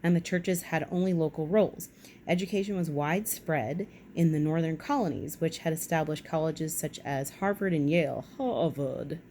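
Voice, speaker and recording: A woman with a low voice reads a history article aloud for her vlog and keeps stopping to add chatty, wry remarks of her own. The recording carries a faint, steady hiss in the background. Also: moderate pace. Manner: chatty asides, wry and self-correcting. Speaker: vlog host. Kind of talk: reading aloud with casual commentary.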